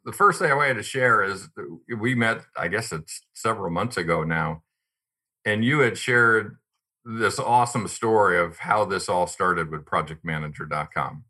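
Podcast host, man, deep bright voice, upbeat interviewer with an eager tone. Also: moderate pace. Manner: upbeat, friendly host talk, some fillers. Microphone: video call.

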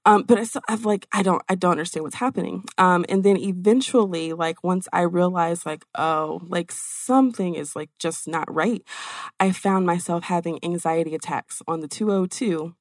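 A middle-aged woman telling her own story in casual conversation, animated and acting out quoted exchanges with lots of "like". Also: on the low side, moderate pace, dry recording, studio quality.

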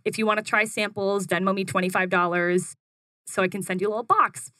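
A young woman with a bright, clear voice, recorded close in a dry space. She talks in a casual, chatty way, full of "like," and tells her story with lots of energy. When she quotes herself, her voice jumps higher. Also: fairly quick, no room sound. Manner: animated, acts out her own quotes in a higher voice, frequent "like". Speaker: guest, food business founder.

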